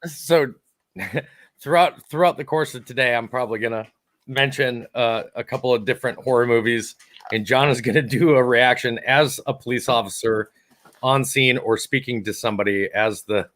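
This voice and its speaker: A man's voice: mid-range voice, moderate pace, fairly bright tone. A man co-hosting a podcast, leading the talk casually and laughing often. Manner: laughs often, steers the discussion. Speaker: podcast co-host. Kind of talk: casual comedic chat.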